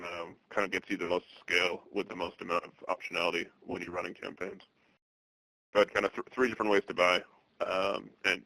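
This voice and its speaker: A man in his thirties from the Boston area presenting a webinar, speaking in a monotone with many fillers and restarts. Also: low voice, gravelly, no room sound, low-quality recording. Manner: monotone delivery.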